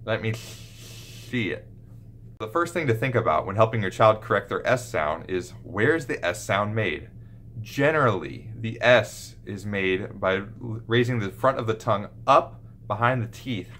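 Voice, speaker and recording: A man's voice: fairly low pitch, expressive, moderate pace, a bit bright, a little hiss or hum. A man, a pediatric speech therapist, explaining and demonstrating speech sounds to camera. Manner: demonstrates sounds and lisps with exaggerated examples. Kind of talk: instructional talk to camera.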